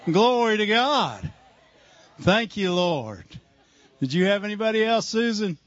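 A man's voice: sits high, very animated, a little slow, fairly bright tone, dry recording. A man leading a church service, responding fervently to testimonies with bursts of praise. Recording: muffled recording.

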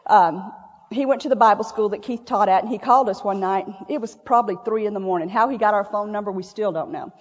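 A woman with a medium-pitched voice talks fast as she preaches in a church sanctuary, telling folksy, chatty stories and laughing often. She's a church speaker, and the recording has an echoey hall sound that is dull and lo-fi.

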